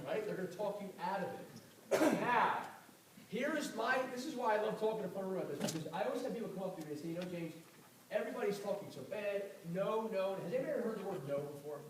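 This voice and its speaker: A man giving a fast, animated motivational talk on network marketing to a live audience, telling stories with a confrontational edge. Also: high voice. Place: event hall with audience. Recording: echoey room, far mic, audible noise.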